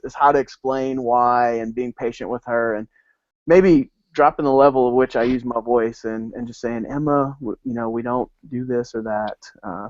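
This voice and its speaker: A man of middle pitch talks in an earnest, gentle and encouraging way. It is a casual podcast conversation among friends. The recording is dry, with no room sound, and muffled. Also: no echo. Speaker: podcast co-host, father.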